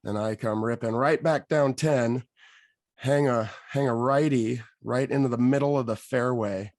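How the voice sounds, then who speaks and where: A man hosting a podcast, telling an animated story and acting out what people said. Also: medium pitch, measured pace, dry recording, studio quality. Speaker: podcast host. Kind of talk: casual storytelling.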